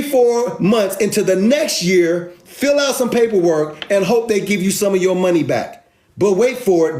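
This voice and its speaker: A man's voice: high voice, a little mellow. A man giving an emphatic, sarcastic, street-casual money rant with lots of repetition, recorded in an echoey room. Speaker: finance video host. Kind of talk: animated explainer rant.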